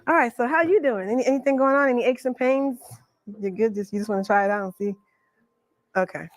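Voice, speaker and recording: A woman's voice: on the high side, quick pace, no room sound. A woman from the Bronx, teaching a Reiki workshop in a playful, chatty way. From the Bronx, New York. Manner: playful, chatty, laughs often. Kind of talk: live workshop demonstration. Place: library workshop room.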